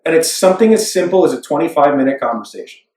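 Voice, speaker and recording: Young guy guest telling stories, super animated, swears a lot, kinda far off the mic in an echoey room. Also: a little high, fast talker. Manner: animated storyteller, swears casually, acts out quotes. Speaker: interview guest. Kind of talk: casual interview storytelling. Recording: roomy, somewhat distant mic.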